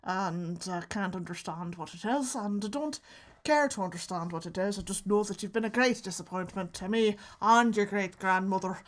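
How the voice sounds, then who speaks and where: A woman putting on a stern, disappointed old Irish great-grandfather with an Ulster accent, speaking in a tight-mouthed monotone. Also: mid-range voice, normal speed, close to an everyday voice. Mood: scolding. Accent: Ulster Irish, put on.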